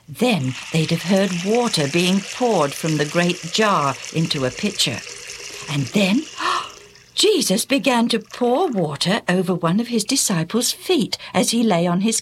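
A woman narrating a storybook tale in an animated, exclamatory way, often asking the listener questions. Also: fairly low pitch, slight background noise.

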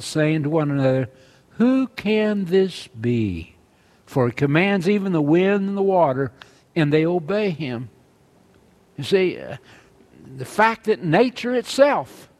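A man preaching a sermon, earnestly reading scripture aloud and driving his points home with emphasis. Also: on the high side.

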